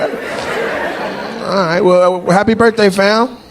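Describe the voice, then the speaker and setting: Brash high-voiced comedian working a crowd. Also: male voice, lively intonation, takes it slowly. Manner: teasing, brash, rising to loud shouts. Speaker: stand-up comedian. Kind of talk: stand-up crowd work. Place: comedy club stage before a live audience. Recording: live club recording with crowd noise. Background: audience laughter and crowd noise.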